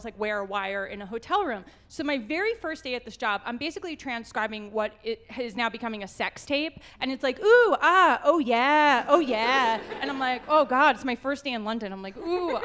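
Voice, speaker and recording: A woman's voice: fairly high pitch, a bit bright. An American woman telling a long funny story at a live panel, laughing often and acting out the people she quotes. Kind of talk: animated anecdote at a live panel. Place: auditorium stage.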